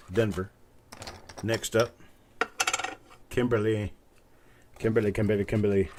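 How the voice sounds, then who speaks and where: A man's voice: fairly low pitch, a little mellow, slight background noise. A man hosting a live coin giveaway stream, chatting casually in an upbeat, joking way as he calls out viewers' names. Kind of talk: casual livestream chat.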